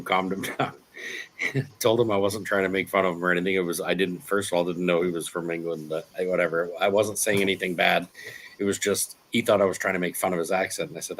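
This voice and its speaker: Laid-back male co-host, deep voice, relaxed anecdotes. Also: slight background noise. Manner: easygoing storyteller, laughs softly. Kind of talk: casual chat.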